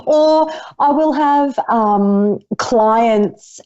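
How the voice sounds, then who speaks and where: A woman's voice: fairly high pitch, very slow, darkish tone, dull audio. A woman guest on a radio talk show, a psychic medium, chatting and laughing.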